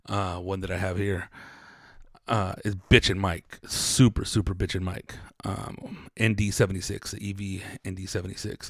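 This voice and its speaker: Gravelly laid-back podcast host, a man. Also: lowish voice, no echo, clean studio sound. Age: 40s. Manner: rambling, profane, laid-back storytelling. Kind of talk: casual podcast chat.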